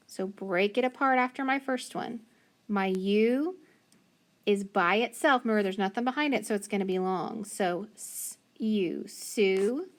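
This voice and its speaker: A woman teaching a phonics lesson, slowly and patiently sounding out letters and syllables. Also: mid-range voice.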